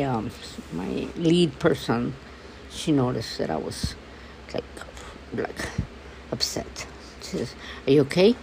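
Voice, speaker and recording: A man in a casual venting monologue, rambling and swearing, swinging between hushed mutters and angry outbursts. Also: mid-range voice, gravelly. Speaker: vlogger. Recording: noisy background.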